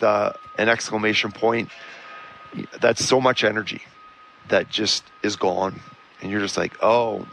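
Ex-player man, animated sports analyst. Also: fairly low pitch, slight background noise, low-quality recording. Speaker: former defensive player, analyst. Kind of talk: casual sports talk.

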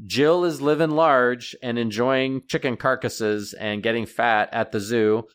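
A middle-aged man, a veterinarian guest, telling stories in a casual radio interview with lively jumps in pitch. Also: unhurried, clear, resonant tone. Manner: animated storyteller, pitch jumps up when excited.

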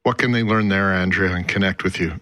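A male host speaks in a bright, forceful voice in a dry studio. He asks his questions in a measured, slightly hesitant way. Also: sits low, no room sound. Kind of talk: broadcast interview.

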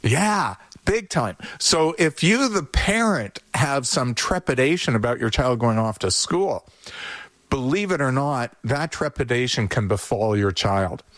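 A man's voice: medium pitch, no room sound. A man giving parenting advice in an easygoing conversational way, now and then acting out worried parents and children. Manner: animated, acts out parents and kids in quick voices. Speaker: parenting expert guest.

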